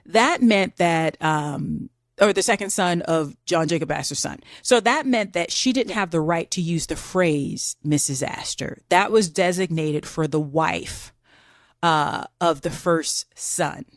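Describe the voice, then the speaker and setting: A woman co-hosting a podcast, telling a history story in an animated, chatty way. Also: fairly low pitch, unhurried, dry recording, clean studio sound. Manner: chatty, animated, says "girl" and "like". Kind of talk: casual storytelling chat.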